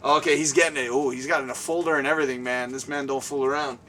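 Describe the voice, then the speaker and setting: Excitable rambling male host, bright voice. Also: mid-range voice, racing, a little hiss or hum. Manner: excitable and rambling, laughs a lot. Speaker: show host. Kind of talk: casual interview chat. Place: guest's home, indoors. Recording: distant mic, faint room ambience.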